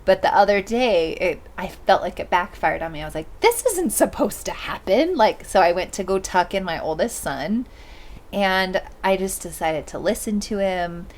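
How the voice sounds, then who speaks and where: A woman's voice: lowish voice, normal speed. A woman hosting a podcast, chatting candidly and reflectively. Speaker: podcast host. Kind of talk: podcast conversation.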